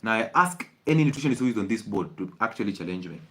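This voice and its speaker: A man's voice: lowish voice, lively intonation, fast, a bit bright. Emphatic Kenyan man lecturing on health. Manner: emphatic, rhetorical and repetitive. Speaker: health talk show doctor. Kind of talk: lively health talk.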